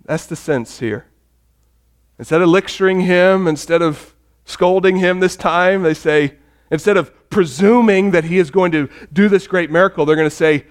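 A man preaching a sermon in a notably high voice, lively and expressive. He asks the congregation questions and acts out the voices in the story. He swings from loud emphatic lines down to soft, hushed ones. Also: moderate pace. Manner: animated, acts out quoted voices, shifts between loud emphasis and quiet. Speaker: pastor.

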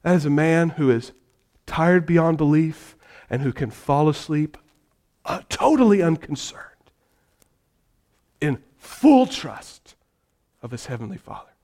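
High-voiced animated male preacher. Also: a little slow, pauses often. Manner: animated, shifts from hushed to loud. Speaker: pastor. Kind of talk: sermon.

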